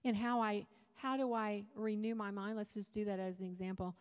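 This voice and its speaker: A woman's voice: medium pitch, fairly even intonation, moderate pace, darkish tone, in a large hall. A woman preaching at a women's retreat, talking to the crowd in a loose, joking way. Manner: conversational, humorous preaching with asides. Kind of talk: sermon. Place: church hall.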